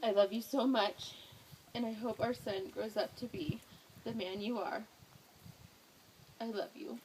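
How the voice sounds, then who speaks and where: A woman's voice: a little high, fairly even intonation, measured pace, a little mellow, a little hiss or hum, low-quality recording. Tearful bride saying her vows. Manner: tender, emotional, fighting tears. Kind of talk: reading personal wedding vows.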